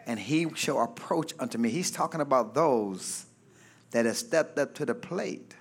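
A man pastor preaching a fervent sermon, reading scripture and calling for amens from the congregation, often shouting. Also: mid-range voice, a little slow, creaky. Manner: reads scripture aloud, then explains it.

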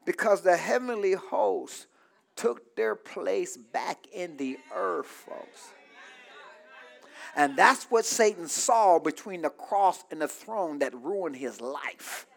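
High-voiced man preaching a sermon. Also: lively intonation, slow, creaky, a faint crowd. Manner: call-and-response preaching, rising to shouts. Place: church.

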